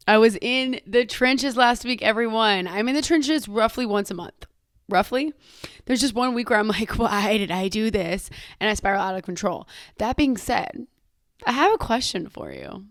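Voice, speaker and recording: A woman's voice: a little high, no room sound, studio quality. A young woman hosting her own podcast in casual chat, self-mocking, swearing casually and hopping from one topic to the next. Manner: chatty, self-mocking, jumps between topics; swears casually and laughs often. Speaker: podcast host.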